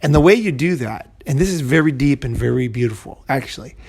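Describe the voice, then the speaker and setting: A man's voice: medium pitch, expressive, a little fast, darkish tone, husky. A man giving a casual advice monologue as a video host, rambling with many restarts and asides. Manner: rambling, full of restarts and "you know". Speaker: self-help video host.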